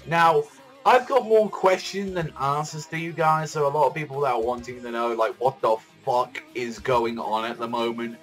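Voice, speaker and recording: A man giving casual reaction commentary on a manga chapter, excitable and profane, rambling with lots of fillers. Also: mid-range voice, moderate pace, soft background music.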